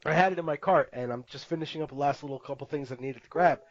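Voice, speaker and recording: A man co-hosting a podcast, telling a story in casual chat, animated and laughing often as he acts out what people said. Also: a little high, fast, dry recording, muffled recording. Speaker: podcast co-host.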